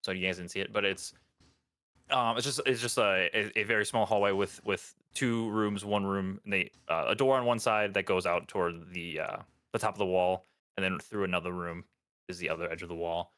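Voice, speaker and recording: A man's voice: sits low, fairly even intonation, brisk, a bit bright, clean tone. A man narrating a tabletop game as dungeon master in a loose, rambling way. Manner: loose, full of fillers and restarts.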